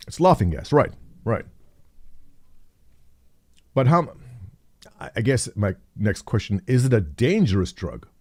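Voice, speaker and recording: A man's voice: on the low side, very animated, measured pace, pauses often, a little mellow. A middle-aged man hosting a live stream, chatting casually and jokily with viewers, thinking aloud and reading the chat. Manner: rambling, jokey, thinks aloud, reads chat. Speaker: livestream host.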